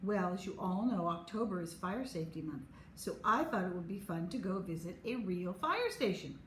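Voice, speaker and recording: A woman voicing a calm, firm first-grade teacher. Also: lowish voice, normal speed. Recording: echoey room, faint hum.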